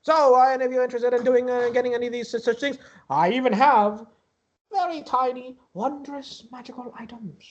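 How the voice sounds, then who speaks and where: A man voicing an eager male carnival ticket booth boss who makes a chirpy sales pitch, on a dull lo-fi recording. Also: fairly even intonation, a little fast. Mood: salesy. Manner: chirpy salesman pitch, fussy about language.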